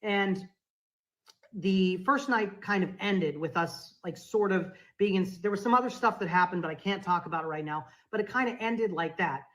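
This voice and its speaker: Woman guest, conversational podcast storyteller, mid-range voice; animated, voices the other people in her story. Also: medium pitch, moderate pace, poor audio. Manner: animated, acts out quoted dialogue.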